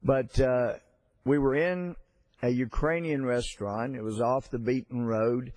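Slow-talking congressman, dry close mic, rambling anecdote. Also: mid-range voice, fairly even intonation, a little mellow, no echo. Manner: storytelling, halting with fillers and restarts. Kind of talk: floor speech with anecdote.

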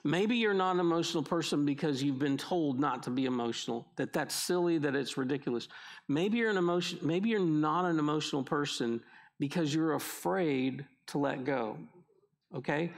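A man's voice: a little high, expressive, normal speed, gravelly. Man preaching a conversational sermon. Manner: conversational preaching with frequent restarts. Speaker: pastor.

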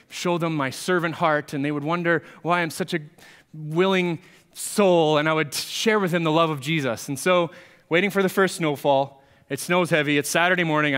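Conversational pastor in an echoey hall. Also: male voice, a little high, a bit bright, smooth. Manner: conversational storytelling. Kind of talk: sermon. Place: church sanctuary.

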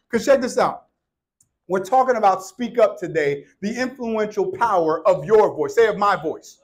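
Male pastor, high voice, casual joking sermon delivery in a church. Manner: playful, conversational preaching with call-and-response. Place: church sanctuary. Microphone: handheld or worn microphone.

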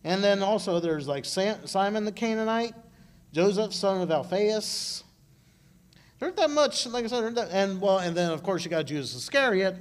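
A man giving an informal sermon at a church service, talking in a halting way with frequent restarts. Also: high-pitched, expressive. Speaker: church speaker. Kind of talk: conversational sermon. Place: church service, live broadcast.

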